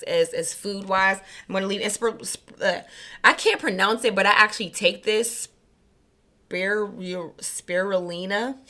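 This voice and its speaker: Bright-voiced chatty woman tarot reader. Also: mid-range voice. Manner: chatty, slangy, laughs easily. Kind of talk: casual spiritual reading.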